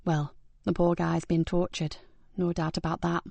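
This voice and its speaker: A woman voicing a weary female hospital doctor who talks in a low, somber, blunt way. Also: little pitch movement, normal speed, vocal fry, darkish tone, dry recording.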